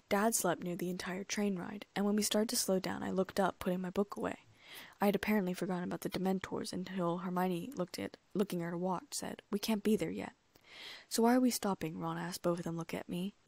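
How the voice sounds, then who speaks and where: A woman narrating a first-person story as an audiobook reader, in an even storytelling manner with hushed asides. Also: on the low side, gravelly, no room sound. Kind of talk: first-person fan fiction reading.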